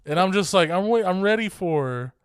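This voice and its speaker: A man's voice: high-pitched, lively intonation, moderate pace, smooth, dry recording, clean studio sound. A young man co-hosting a podcast, telling stories in a casual chat with wry jokes. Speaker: podcast co-host.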